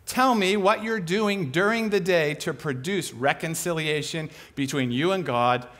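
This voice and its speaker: Lively, conversational male preacher. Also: fairly high pitch, measured pace. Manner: lively, conversational, acts out quoted voices. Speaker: pastor. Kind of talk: sermon.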